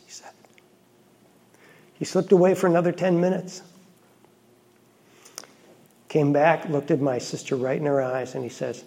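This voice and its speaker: A Catholic priest, a middle-aged man, telling a personal story in a homily in an earnest, reflective way with quiet asides. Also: a little high, fairly even intonation, a little slow, creaky, long pauses.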